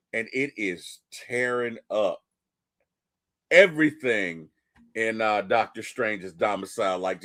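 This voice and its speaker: A man in casual conversation, retelling a film with lots of animation. His pitch swings widely as he mimics characters. The sound is dry and close. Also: no echo. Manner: animated storytelling, acting out characters in quick asides. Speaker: podcast co-host. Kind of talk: casual movie discussion.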